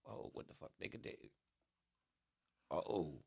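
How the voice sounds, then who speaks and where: A man giving casual reaction commentary, excitable and profane, using street slang and talking straight to his viewers. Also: fairly low pitch, a little slow, gravelly, dry recording, studio quality. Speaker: commentator reacting to court transcripts.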